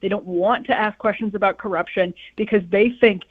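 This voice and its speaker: Woman, young adult, emphatic and quick, radio guest, tinny phone-line sound, mid pitch. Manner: emphatic, quick, indignant commentary. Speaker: guest commentator.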